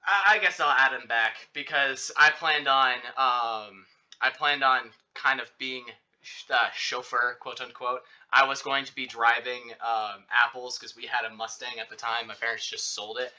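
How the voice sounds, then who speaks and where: A young man chats casually, spinning out a personal story with constant fillers and restarts. His voice is very bright and edged, and he jumps up in pitch when acting out what he said back then. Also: a little slow, lo-fi sound. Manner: rambling, filler-heavy, animated retelling. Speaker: podcast host telling a story.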